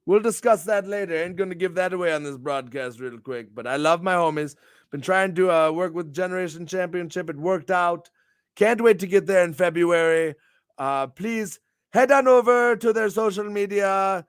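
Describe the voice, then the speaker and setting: A young man hosting a morning stream with a bombastic, theatrical promo style, swinging his pitch and volume wildly. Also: normal speed, clean tone, no room sound, clean studio sound. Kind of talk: hyped-up wrestling promo chat.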